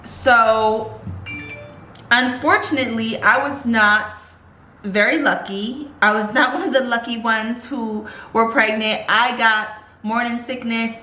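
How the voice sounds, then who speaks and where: A woman's voice: on the high side, sharp tone, reverberant. A young woman vlogging a casual storytime, rambling and chatty with lots of fillers.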